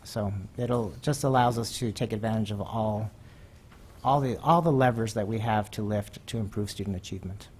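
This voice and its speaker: Halting male administrator at a board meeting. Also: lowish voice, a little mellow, husky. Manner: halting, many ums and restarts. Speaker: district administrator presenting a proposal. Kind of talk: meeting presentation. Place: school board meeting room.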